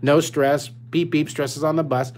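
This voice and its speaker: Older man, slightly high voice, enthusiastic, playful, kids' drawing teacher, live webcam lesson. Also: fairly even intonation, normal speed, darkish tone. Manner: enthusiastic, playful, talks to kids while drawing.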